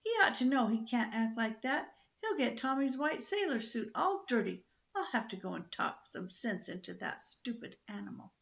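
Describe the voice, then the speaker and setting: A woman's voice: on the high side, big pitch swings, normal speed, gravelly, hardly any pauses, fairly bright tone, highs cut off, full character voice. An older woman voicing a bold, cheerful little girl of great strength, cheeky and bossy in a storybook reading.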